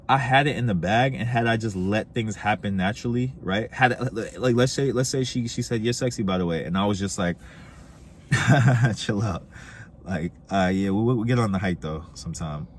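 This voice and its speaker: Man, young adult, low voice, animated storytelling, faint background noise. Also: normal speed. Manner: animated, acts out quoted voices with big pitch jumps. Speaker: dating advice vlogger. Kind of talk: casual storytelling monologue.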